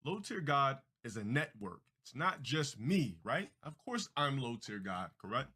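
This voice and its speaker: A man's voice: mid-range voice, very animated, unhurried, pushed and bright, slightly rough. A man livestreaming, making grandiose and self-important proclamations in a theatrical way.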